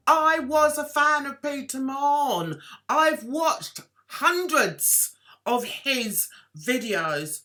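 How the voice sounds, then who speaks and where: A woman vlogging her opinions in an animated, indignant, chatty way, with sudden outbursts. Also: high voice. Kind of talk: opinionated commentary vlog.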